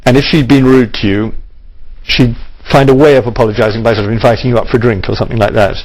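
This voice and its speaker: A man of middling pitch answers interview questions animatedly. He often restarts his words as he goes. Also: steady tone, quick pace, darkish tone, poor audio.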